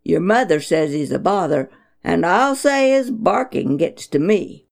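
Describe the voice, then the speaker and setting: A firm father, put on by a woman reading a storybook, booms his refusals slowly. The voice is animated and gravelly. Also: heavily acted. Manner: firm, booming.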